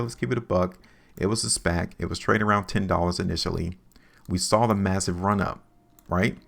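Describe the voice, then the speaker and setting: A man's voice: lowish voice, creaky, a bit bright. A man hosting a stock market video, lecturing viewers over his charts with emphatic, repetitive talk. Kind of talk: chart analysis commentary.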